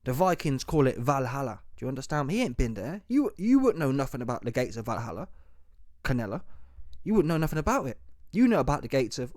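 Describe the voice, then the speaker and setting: A man giving an opinionated solo commentary, talking forcefully in slang and repeating rhetorical questions. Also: medium pitch, very animated, brisk, no room sound, clean studio sound. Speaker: boxing commentary YouTuber. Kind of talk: opinionated monologue.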